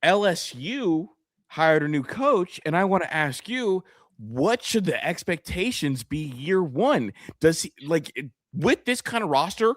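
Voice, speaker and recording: A man co-hosting a sports podcast in casual chat, asking questions and reacting with excitement. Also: on the high side, measured pace, dry recording. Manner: chatty, asks questions and makes excited reactions.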